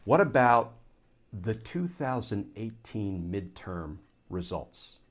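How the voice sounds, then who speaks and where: A man with a somewhat low voice delivers a political commentary monologue. He builds his argument point by point in the measured, explanatory manner of a former courtroom lawyer. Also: big pitch swings.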